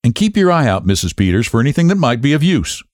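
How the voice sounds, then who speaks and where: A man's voice: medium pitch, big pitch swings, fast talker, darkish tone, no room sound, studio quality, voice pushed up, lightly acted. A man voicing a smug, patronizing young county attorney in an audiobook. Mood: brisk.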